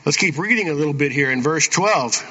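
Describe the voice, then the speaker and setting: A man's voice: fairly high pitch, expressive, brisk, bright, forceful tone. A man preaching a sermon in a church, reading verses and asking the congregation "Amen?" between points. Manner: folksy preaching with frequent "Amen?" asides. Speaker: pastor. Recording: dull reverberant church hall sound.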